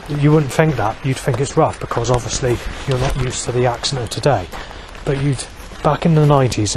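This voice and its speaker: A man's voice: mid-range voice, noisy background. A man talking in a long, rambling vlog monologue, swearing heavily and restarting sentences, with many fillers.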